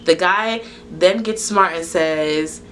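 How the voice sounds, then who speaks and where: A woman telling a storytime to her camera in a casual, animated, profane way, acting out the people in it. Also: on the low side, takes it slowly, a little hiss or hum. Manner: animated, profane retelling that acts out dialogue. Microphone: camera recording to SD card.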